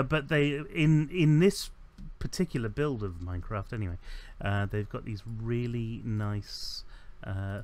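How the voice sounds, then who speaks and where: A man giving casual commentary while playing a building game. He rambles and corrects himself, fills pauses with ums, and adds dry, self-mocking asides. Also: on the low side, a bit bright. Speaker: let's play host.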